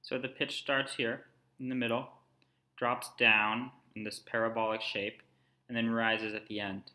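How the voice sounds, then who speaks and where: A man narrating a screen-recorded tutorial, explaining calmly and step by step. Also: mid-range voice, unhurried. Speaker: language instructor.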